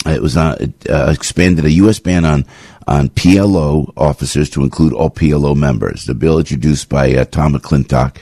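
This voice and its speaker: Deep husky man hosting talk radio. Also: moderate pace, dark tone, no echo, clean studio sound. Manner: rambling and indignant, with many restarts. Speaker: radio show host.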